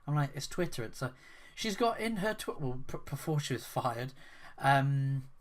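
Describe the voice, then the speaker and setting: A man's voice: medium pitch, expressive, moderate pace. Male vlogger, casual rambling commentary, disbelieving tone, lots of "um" and restarts. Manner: rambling, incredulous, with frequent fillers and restarts.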